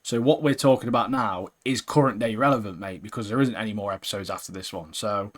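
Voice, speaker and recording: A man co-hosting a casual anime podcast, animated and full of banter. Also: fairly low pitch, quick pace. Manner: animated, banter-heavy, says "mate" constantly. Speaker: podcast co-host.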